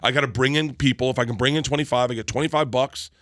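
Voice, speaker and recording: A man's voice: mid-range voice, fast talker, a bit bright, no echo, clean studio sound. A man in his forties from Florida, telling stories as a comedian guest in a casual interview, acting out quotes and laughing.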